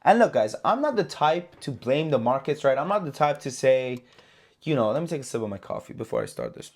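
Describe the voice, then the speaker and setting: A man hosting a casual trading recap vlog, talking in an animated, profane way and repeating himself for emphasis. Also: mid-range voice, brisk. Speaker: trading channel host.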